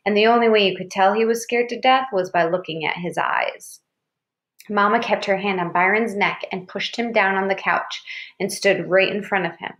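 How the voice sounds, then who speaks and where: A woman reads a novel aloud at an even, mid-range pitch. Her narration is steady and plain, carrying the story along without fuss. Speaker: reader.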